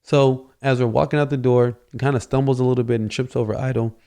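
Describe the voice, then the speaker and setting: A man's voice: medium pitch, steady tone, quick pace, mellow. A man hosting a podcast, telling a casual story and rambling with constant "you know" fillers. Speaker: podcast host.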